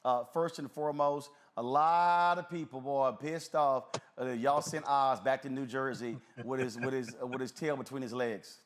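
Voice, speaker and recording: Man, talk show host, emphatic, conversational, lots of uhs, mid pitch. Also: fairly even intonation, moderate pace, hardly any pauses, slight background noise. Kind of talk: live talk show commentary.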